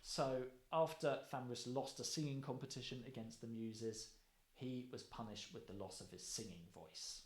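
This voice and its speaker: A man delivers a lecture at a mid-range pitch. He talks in an explanatory way, pausing to rephrase and fix his own wording as he goes. His voice rings with the echo of a bare room. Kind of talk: recorded course lecture. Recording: echoey room.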